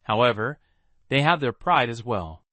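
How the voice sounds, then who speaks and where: A man narrating a story recap with a lively storytelling manner. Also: mid-range voice, moderate pace, no room sound.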